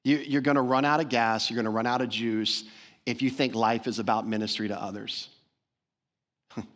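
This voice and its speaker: A man's voice: fairly low pitch, fairly bright tone. A man preaching a sermon as pastor, earnest and emphatic, repeating phrases for stress. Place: church sanctuary.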